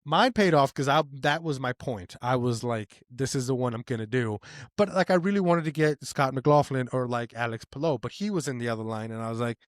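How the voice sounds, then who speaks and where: A man co-hosting a podcast in casual chat, telling an excited story that rises in pitch when he gets animated. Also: a little fast, dry recording, clean studio sound. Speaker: podcast co-host.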